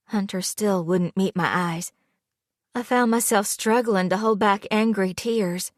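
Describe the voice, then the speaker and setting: A woman reading a first-person thriller audiobook in an even, measured way. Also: medium pitch, no echo, clean studio sound. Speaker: audiobook narrator. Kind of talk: first-person scripted narration.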